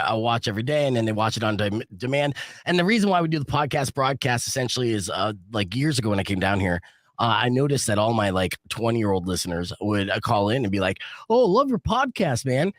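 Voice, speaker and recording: A man's voice: lowish voice, fairly bright tone, no echo, studio quality. A man from New Jersey hosting a radio morning show podcast, talking in a brash, casual way and swearing freely.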